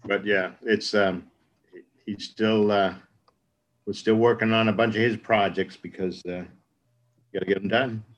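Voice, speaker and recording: A man's voice: fairly low pitch, fairly even intonation, unhurried, pauses often, lo-fi sound. A man on a call recalling a late friend in a hesitant, anecdotal way. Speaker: meeting participant. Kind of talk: storytelling remembrance.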